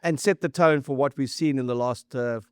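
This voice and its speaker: A man's voice: mid-range voice, brisk, a little mellow, smooth, no room sound. South African man chatting rugby, dry mic. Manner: enthusiastic, lists stats, frequent restarts. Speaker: rugby podcast co-host. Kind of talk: casual sports chat.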